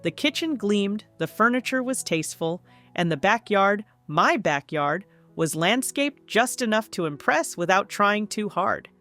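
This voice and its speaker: A woman's voice: mid-range voice, expressive, unhurried, fairly bright tone. A woman narrating a first-person story in a scripted, wry storytelling manner. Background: faint background music.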